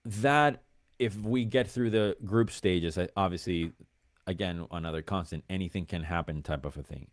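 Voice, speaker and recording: Deep-voiced American man, dry close sound. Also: normal speed, no echo. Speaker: guest pundit. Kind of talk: casual football chat.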